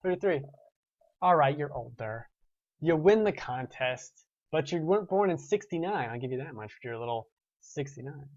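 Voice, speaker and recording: Reading viewer comments on his gaming show, this twenty-something host rambles casually and restarts his sentences often. He sounds a little high and animated at a fairly quick pace, captured in a dry, lo-fi recording.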